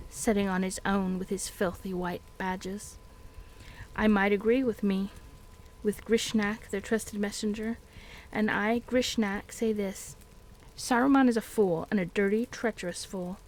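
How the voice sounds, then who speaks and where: A woman voicing a sly, cruel male orc messenger with a soft, sneering voice. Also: mid-range voice, close to an everyday voice. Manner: sneering and menacing, sometimes whispered.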